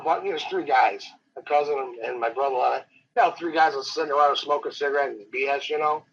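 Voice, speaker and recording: Man, husky, rambling dramatic storytelling, muffled lo-fi recording. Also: medium pitch, fairly bright tone. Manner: rambling, dramatic, slows down for suspense. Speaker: professional wrestler guest. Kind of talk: animated storytelling. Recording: dull lo-fi interview audio.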